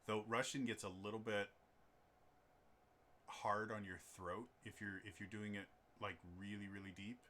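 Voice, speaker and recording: A man talks in a relaxed, rambling chat, often restarting his sentences and filling pauses. His voice is bright and a little low. A faint background noise sits under the recording. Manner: rambling, many fillers and restarts. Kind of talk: casual chat.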